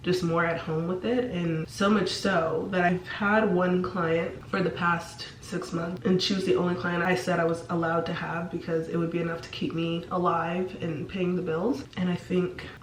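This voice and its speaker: A woman's voice: on the low side, level tone, moderate pace, few pauses, slight background noise. A young woman with a sick, sore-throat voice, chatting casually in a home vlog, filling her talk with "like". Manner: chatty, filler-heavy, lots of "like". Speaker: vlogger. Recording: roomy sound from a distance.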